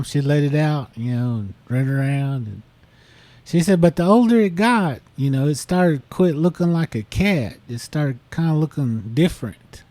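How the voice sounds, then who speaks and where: Podcast co-host, male, mellow tone, loose rambling storyteller. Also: medium pitch, no echo. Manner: rambling, many fillers. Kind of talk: casual storytelling.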